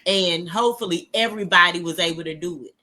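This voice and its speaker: A woman's voice: lowish voice, fast talker. A woman co-hosting a casual podcast, telling personal stories animatedly and acting out what people said. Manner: animated storytelling, acts out quotes. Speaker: podcast co-host.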